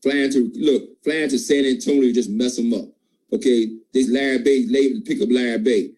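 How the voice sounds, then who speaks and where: A man's voice: fairly even intonation, moderate pace, warm tone, breathy edge, rough recording. A man giving an emphatic, preachy motivational pep talk to his sales team. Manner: emphatic, preachy, jumps in pitch. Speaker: team leader at a sales call.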